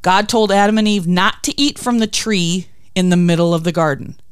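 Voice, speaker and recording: A woman's voice: lowish voice, moderate pace, smooth, no room sound, studio quality. A woman hosting a faith devotional talk, telling stories expressively and acting out quotes. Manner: expressive storytelling with acted quotes. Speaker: podcast host.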